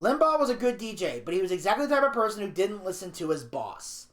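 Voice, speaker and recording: A man co-hosting a podcast, casually recapping a documentary and telling stories with lively impressions. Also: sits high, fast talker, echoey room. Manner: animated storyteller, slips into impressions. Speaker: podcast co-host. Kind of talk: casual review chat, reading episode notes.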